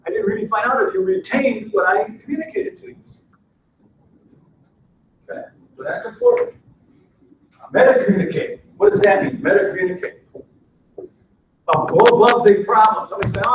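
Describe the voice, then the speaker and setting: A man leads a live workshop in a high, animated voice, acting out back-and-forth dialogues as he teaches. He is recorded from a distance in an echoey meeting room. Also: muffled recording, slight background noise. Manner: animated, acts out workplace dialogues. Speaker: workshop trainer. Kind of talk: live training seminar. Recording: echoey room, mic far off.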